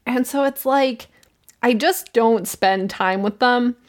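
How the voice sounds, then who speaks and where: A woman in her twenties co-hosting a podcast, chatting casually and wryly about a show and laughing easily. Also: a little high. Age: 20s. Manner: chatty, wry, quick to laugh. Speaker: podcast co-host. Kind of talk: casual chat recapping a show.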